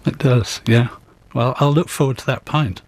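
A man, an author and guest, telling stories in an interview in a measured, thoughtful, gently wry way. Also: mid-range voice, steady tone. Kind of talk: interview storytelling.

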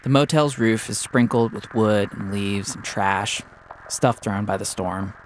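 A man narrating a documentary story in a measured, descriptive way. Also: lowish voice, steady tone. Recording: loud noise under the voice.

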